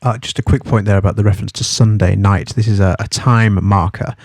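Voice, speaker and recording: A man teaching as he explains a novel for a study guide, halting and thorough, spelling terms out. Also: on the low side, steady tone, a little mellow, dry recording, studio quality.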